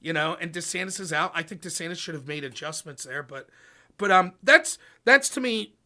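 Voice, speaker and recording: A man hosting a casual political chat show, talking in an animated, profane, ranting way. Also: a little high, brisk. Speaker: podcast host.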